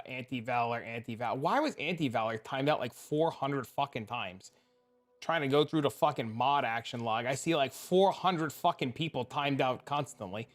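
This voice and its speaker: A man streaming a video game, talking to chat in a blunt, profane, heated rant. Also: a little high. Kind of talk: casual live stream rant.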